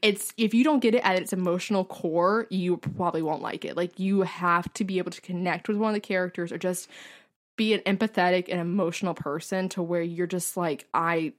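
A young woman co-hosting a podcast, chatting casually and animatedly, full of fillers and excited asides. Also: on the low side, a little fast. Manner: gushing, animated storytelling with many fillers. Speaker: podcast co-host. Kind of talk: casual chat.

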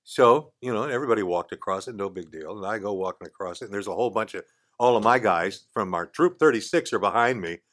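A man's voice: on the low side, fast. An older man, a guest in a radio studio, telling a story casually and acting out the voices of the people in it. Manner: animated, acts out quoted voices, chuckles mid-story. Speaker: podcast guest.

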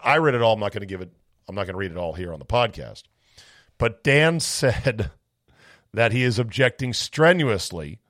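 A man's voice: mid-range voice, no room sound, clean studio sound. A man hosting a podcast in a casual solo chat, reading a listener's email with sarcastic, rambling, profane asides, his voice a bit off. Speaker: podcast host.

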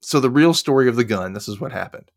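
A man's voice: mid-range voice, animated, dry recording, studio quality. A man hosting a podcast, casually recapping a TV episode and acting out lines as he goes. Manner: retells scenes with quick voiced asides. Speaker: podcast host.

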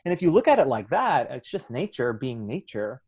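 A man in a podcast conversation, explaining mindfulness in a casual, playful way that turns soft and reflective. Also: medium pitch, big pitch swings, a little fast, husky. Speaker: mindfulness guest.

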